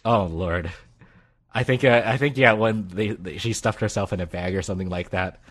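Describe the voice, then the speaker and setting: A man's voice: fairly low pitch, normal speed. A man co-hosting a casual anime podcast, rambling and laughing often. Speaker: podcast co-host. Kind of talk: casual chat about anime.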